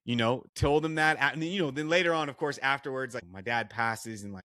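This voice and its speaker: A man, a guest on a podcast, telling a personal story in a casual, animated way, full of "like" and restarts. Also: mid-range voice, fairly quick, dry recording, studio quality. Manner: animated retelling with many "like" and restarts. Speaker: guest, actor and artist.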